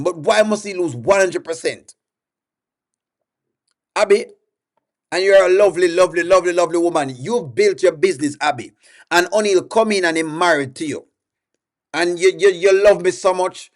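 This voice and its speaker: Jamaican man hosting a livestream. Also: high-pitched. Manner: coaxing, repeats himself, addresses viewers as friends. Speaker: livestream host reading viewer comments. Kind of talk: casual reaction livestream.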